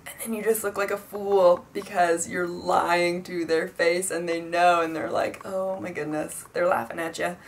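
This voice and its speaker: A woman's voice: on the low side, little pitch movement, normal speed, slight background noise. A twenty-year-old woman giving casual life advice in a chatty vlog, full of fillers and acted-out quotes. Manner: chatty, filler-heavy, acts out quoted dialogue. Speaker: vlogger.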